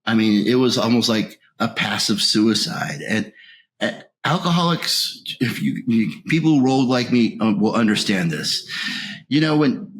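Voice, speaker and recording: A man being interviewed, telling his recovery story in a raw, emotional way, his voice rising when anger returns and sinking to a near whisper at the lowest points. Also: lively intonation, normal speed, a little hiss or hum. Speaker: interview guest.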